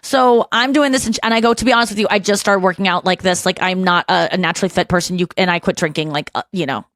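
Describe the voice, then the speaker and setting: Animated woman podcast host, dry studio sound. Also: quick pace, dry recording. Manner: animated storytelling, acts out quotes in a higher voice. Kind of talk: casual chat.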